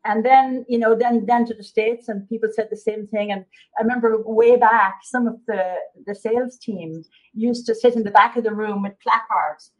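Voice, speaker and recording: A woman's voice: fairly high pitch, fairly even intonation, moderate pace, lo-fi sound. Chatty Irish woman telling her story. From Ireland. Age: middle-aged. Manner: chatty storyteller, many fillers and restarts. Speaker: guest therapist. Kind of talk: casual interview chat.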